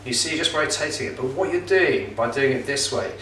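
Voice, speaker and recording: A middle-aged man with a bright, forceful voice talks through a cooking demonstration in a chatty, joking way, full of ums and uhs. He sounds a little way off the mic, and the kitchen gives his voice a roomy echo. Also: mid-range voice, animated, brisk, distant mic, slight background noise. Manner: chatty, jokey, with filler words. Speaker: pizza kit seller and presenter.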